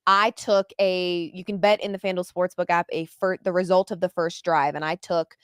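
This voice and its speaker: A woman's voice: on the low side, level tone, normal speed, clear, resonant tone, no echo, clean studio sound. A woman co-hosting a casual sports chat, speaking bluntly about betting. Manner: blunt and outspoken. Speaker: podcast co-host, betting analyst.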